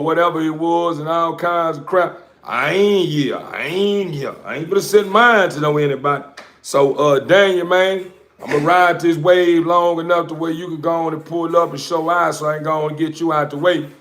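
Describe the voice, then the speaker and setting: A man who breeds dogs, chatting loosely to viewers on a livestream, full of slang and fillers. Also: fairly high pitch. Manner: loose, rambling slang-heavy talk with many fillers. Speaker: dog breeder. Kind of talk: casual livestream chat.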